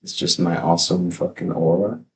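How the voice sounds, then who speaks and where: A man hosting a livestream, talking in a casual, excitable, rambling way with plenty of swearing, into a desk mic at his home setup. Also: low-pitched, normal speed, gravelly. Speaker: livestream host. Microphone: desk microphone.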